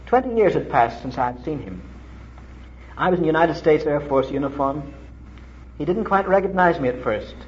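Middle-aged male preacher from Ireland, lively storytelling sermon, muffled old recording. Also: moderate pace, long pauses, a little hiss or hum. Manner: animated storytelling with dramatic pitch leaps.

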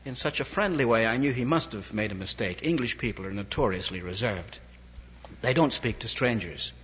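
Older Irish preacher, lively wry storyteller. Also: male voice, medium pitch, fairly quick, a little hiss or hum. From Ireland. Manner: wry, anecdotal, lively inflection. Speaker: evangelist preacher. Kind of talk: storytelling sermon. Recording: dull lo-fi recording, long hall reverb.

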